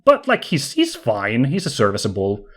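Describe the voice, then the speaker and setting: A man's voice: mid-range voice, huge pitch swings, moderate pace, a bit bright. Chatty enthusiastic man on a podcast. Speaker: podcast co-host. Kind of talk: casual podcast chat about video games.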